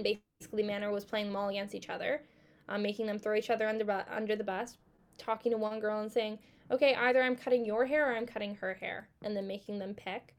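A young woman co-hosting a podcast tells a story in a casual chat, animated and full of swearing as she acts out quotes. Her voice is medium in pitch, with slight background noise behind it.

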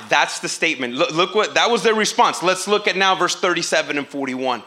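Bright-voiced animated male preacher. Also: a little high, brisk, few pauses. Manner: animated, acts out quoted voices, casual slang. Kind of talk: sermon.

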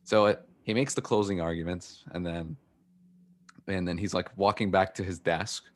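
Deep-voiced male podcast co-host, animated casual storyteller. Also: normal speed.

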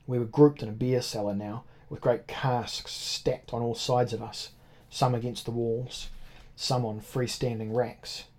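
A man narrating a first-person adventure novel in a measured way. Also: mid-range voice, steady tone, a little mellow. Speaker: audiobook narrator. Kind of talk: scripted narration.

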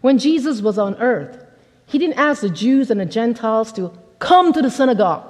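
A woman pastor with a fairly high voice gives a chatty, lively sermon, slipping into little acted-out voices as she tells her stories. Her words ring through a large hall with a long reverb trailing behind them. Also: fairly quick. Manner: conversational, animated, acts out quotes.

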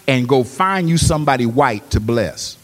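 A man preaching a sermon. He swings between hushed, quick storytelling and loud, rising exhortation. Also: medium pitch, animated, long reverb tail. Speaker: pastor. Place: church.

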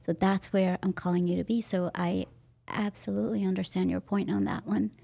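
A woman's voice: medium pitch, fairly even intonation, brisk, gravelly. Candid laughing woman podcast host. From Las Vegas area. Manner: laughs often, warm and candid. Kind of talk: casual podcast chat. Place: podcast studio. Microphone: studio headphones and mic.

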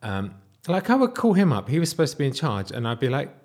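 A man in his thirties casually telling a personal story, animated, sometimes dropping to a whisper. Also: quick pace. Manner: animated, wide swings in pitch and loudness, drops to whispers.

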